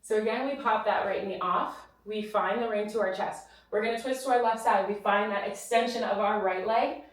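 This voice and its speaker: A woman's voice: mid-range voice, steady tone, brisk. A woman out of breath, leading a follow-along Pilates class with encouraging cues and counted reps. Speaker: Pilates instructor. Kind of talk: follow-along workout cueing. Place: studio with reformer machine. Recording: roomy echo, mic at a distance.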